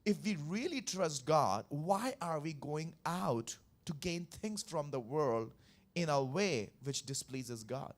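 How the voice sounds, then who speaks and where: A man's voice: fairly high pitch, animated, slow pace. A man preaching a Sunday sermon as pastor, repeating phrases and putting questions to the congregation. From India. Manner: emphatic, repetitive, questions the congregation. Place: church service.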